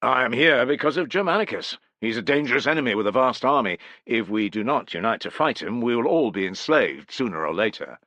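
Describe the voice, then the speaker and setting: A man voicing a guarded, ambitious male war leader with a measured, courteous tone in an audiobook. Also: mid-range voice, lively intonation, pushed and bright, no room sound, highs cut off, voice pushed up. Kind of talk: audiobook character voice.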